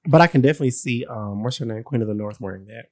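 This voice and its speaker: A podcast co-host in casual chat. They tease their partner and laugh easily. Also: mid-range voice. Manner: teasing, lively, quick to laugh.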